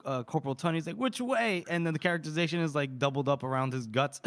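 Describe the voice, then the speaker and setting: A man co-hosting a podcast, recapping a book chapter in a casual, chatty way. He laughs often and jumps into quick raised voices for the characters. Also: medium pitch, steady tone. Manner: laughs often while retelling scenes. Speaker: podcast co-host.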